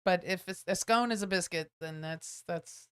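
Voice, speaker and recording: Lower-voiced woman chatting on a live stream. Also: moderate pace, clear, resonant tone. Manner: chatty, reads viewer comments aloud. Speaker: co-host. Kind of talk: casual live stream chat.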